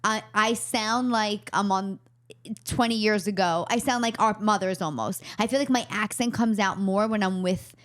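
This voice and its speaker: A woman's voice: medium pitch, moderate pace, dry recording, studio quality. Chatty woman with a Bronx accent. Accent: Bronx New York. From the Bronx, New York. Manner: enthusiastic, gushing. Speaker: podcast host. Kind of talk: casual chat.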